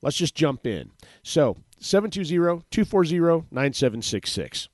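A man's voice: sing-song, moderate pace, darkish tone, no room sound, studio quality. A man hosting an open-mic poetry radio show, chatting casually and joking in put-on voices. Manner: playful, jumps into high-pitched joke voices.

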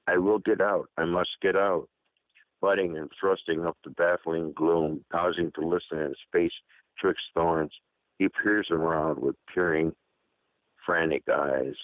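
An older man reading a poem aloud at an open-mic call, slow and dramatic, with hesitant asides. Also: a bass voice, no echo. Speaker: poetry reader. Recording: dry phone-line audio.

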